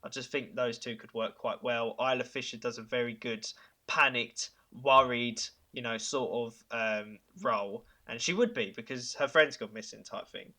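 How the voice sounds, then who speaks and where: Bright-voiced man pitching eagerly. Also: fairly even intonation. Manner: enthusiastic, chuckling, halting fillers. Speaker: podcast host. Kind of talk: casual pitch chat.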